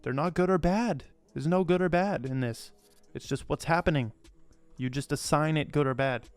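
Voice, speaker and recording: Smooth-voiced rambling male crypto host. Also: on the high side, normal speed, dry recording, faint music behind. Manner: rambling, emphatic, repeats himself; blunt, swears casually. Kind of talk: casual commentary to camera.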